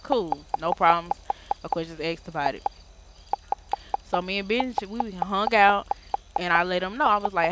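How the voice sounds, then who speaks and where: A woman's voice: lowish voice, moderate pace, pauses often, noisy background. A woman casually retelling a roleplay game story in slangy, profane, rambling speech, acting out the dialogue. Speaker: roleplay gamer telling a story.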